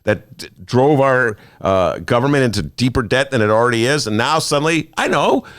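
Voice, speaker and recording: A man hosting a political talk show, ranting about the news in a sarcastic, animated way. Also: medium pitch, normal speed, dry recording, studio quality. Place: studio.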